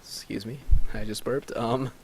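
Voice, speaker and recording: Young male let's-play host, excitable, unhurried, mid-pitched. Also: a little hiss or hum. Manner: laughing, excitable, swears casually. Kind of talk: casual game commentary and role-play reading.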